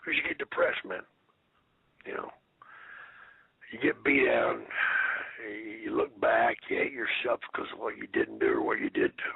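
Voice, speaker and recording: A man in his fifties, a retired wrestler, giving a rambling, profane interview full of deadpan jokes. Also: on the low side, moderate pace, pauses often. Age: 50s. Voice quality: gravelly, raspy. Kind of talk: casual phone interview. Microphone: phone. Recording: tinny phone line.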